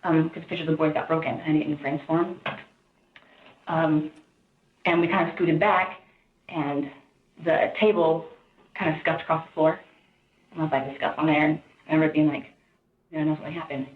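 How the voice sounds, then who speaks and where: A woman recounting events in a rambling, halting way, often quoting others in a raised voice, heard on distant interview-room audio. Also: low-pitched, steady tone, roomy sound, narrow, tinny audio. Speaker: interviewee in police interrogation footage.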